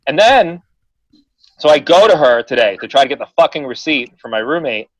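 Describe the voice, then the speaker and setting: A young man telling a story on a podcast, animated, swearing freely and mimicking the people in it. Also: fairly high pitch, fairly quick, no room sound, poor audio. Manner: animated, swearing, mimics voices in his stories. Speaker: podcast co-host. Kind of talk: casual storytelling chat.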